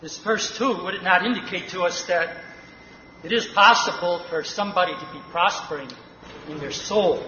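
A man reasoning slowly and deliberately in a Bible discussion. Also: sits high, pushed and bright. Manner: slow, deliberate, reasoning aloud. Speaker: participant in a Bible study. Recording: reverberant hall, muffled, faint noise.

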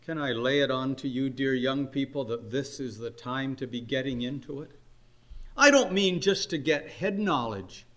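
An older man preaching a sermon, earnest and unhurried, his voice climbing on emphatic questions. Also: medium pitch, a bit bright. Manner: earnest, slow exhortation with rising emphatic questions.

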